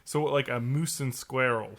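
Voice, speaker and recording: A man's voice: mid-range voice, fairly even intonation, moderate pace. A man in his thirties co-hosting a casual podcast chat, jokey and profane, often slipping into silly voices. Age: 30s. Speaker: podcast co-host.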